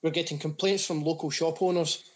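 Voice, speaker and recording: A man's voice: on the high side, steady tone, fairly quick. A Scottish man co-hosting a podcast, telling stories in casual chat. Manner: storytelling, chatty. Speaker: podcast co-host.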